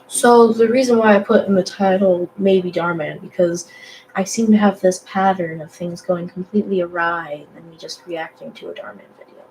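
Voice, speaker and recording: A young woman chatting casually while she draws, rambling with lots of fillers and self-deprecating asides, in a low morning voice. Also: moderate pace, darkish tone, a little hiss or hum, poor audio. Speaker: digital artist vlogger. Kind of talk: casual chat while drawing.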